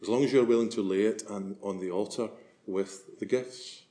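A man's voice: on the low side, fairly even intonation, normal speed, warm tone. A man preaching a sermon as a priest, earnest and swelling to emphasis on key phrases.

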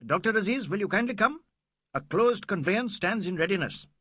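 A man voicing a shrill, nervous male police inspector who speaks in a fussy, wailing way. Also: expressive, normal speed, fairly bright tone, husky, no echo, studio quality, heavily acted. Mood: anxious. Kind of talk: audiobook character voice.

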